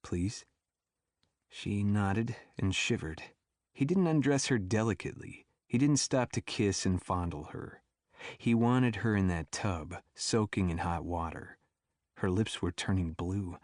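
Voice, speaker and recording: A man narrating an audiobook thriller in a steady, even storytelling manner. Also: low-pitched, unhurried, dry recording, studio quality. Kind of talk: scripted narration.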